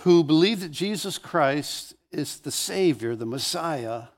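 A man's voice: fairly high pitch, animated, a little slow. A man pastor preaching a sermon, telling stories with animation and often restarting phrases.

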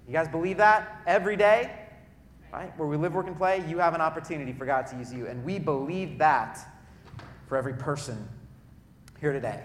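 A man preaching a sermon to a congregation in a church auditorium, telling lively stories and turning to the crowd with asides. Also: a little high. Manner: lively storytelling with audience asides, loud bursts when acting out cheering. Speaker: pastor. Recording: echoey hall.

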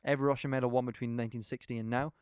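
A man's voice: mid-range voice, level tone, racing, darkish tone, clear, resonant tone, no echo, clean studio sound. A man co-hosting a podcast, enthusiastically retelling a documentary in casual chat, rambling from point to point. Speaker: podcast co-host.

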